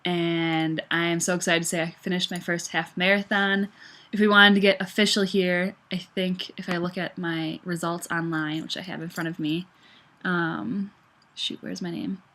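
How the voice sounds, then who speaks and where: A young woman from the United States chatting about her day with animated bursts of excitement. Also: on the low side, moderate pace. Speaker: vlogger. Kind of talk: casual recap.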